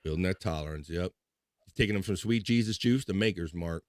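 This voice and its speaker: A man's voice: deep voice, fairly quick, no echo, clean studio sound. A man hosting a casual live chat show, reading viewer comments aloud in a loose, upbeat way with playful filler sounds.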